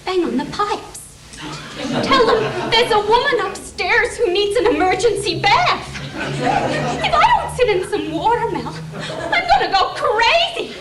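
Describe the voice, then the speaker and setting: A very high-voiced, frantic wife begging her husband for help, as an actress plays her on stage. She talks slowly and tearfully, heard from across a roomy theatre with a faint hiss behind her. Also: big pitch swings, recorded from a distance, a loud crowd, heavily acted. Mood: pleading, frantic. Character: Edna, distraught middle-aged New York wife. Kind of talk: amateur stage play.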